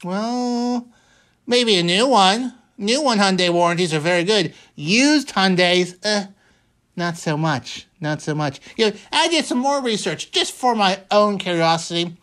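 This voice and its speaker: A man's voice: sits high, expressive, a little slow, fairly bright tone. A man hosting a talk radio show, speaking in a wry, sarcastic monologue, repeating lines for emphasis and dropping folksy exclamations.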